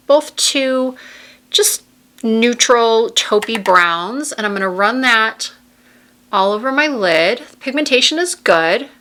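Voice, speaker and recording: Trying out new makeup on camera in a home room with a window, this beauty vlogger keeps up casual tutorial chat, talking through every step. Her fairly high voice sounds pushed and bright.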